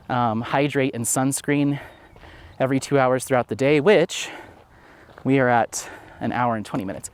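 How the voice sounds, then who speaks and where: A man's voice: mid-range voice, clean tone. Chatty man vlogging outdoors. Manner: chatty, rambling with many fillers. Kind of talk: casual walking vlog. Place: outdoors at a dog park.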